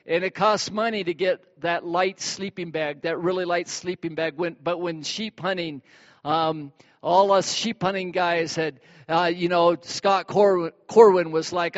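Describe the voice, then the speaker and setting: A male pastor preaching a sermon in a lively, animated way, acting out everyday examples. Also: moderate pace. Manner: animated, acts out examples with sudden high bursts. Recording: dull sound with long hall reverb.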